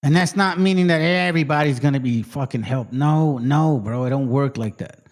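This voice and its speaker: Speaking at a moderate pace and medium pitch, a man runs a profane, casual rant on his own channel, cursing frequently and slipping into Spanish slang as he vents to viewers.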